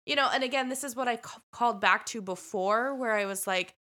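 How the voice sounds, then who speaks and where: A woman co-hosting a film podcast, recapping scenes in a blunt, lively way. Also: fairly high pitch, brisk. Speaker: podcast co-host. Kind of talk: casual film review chat.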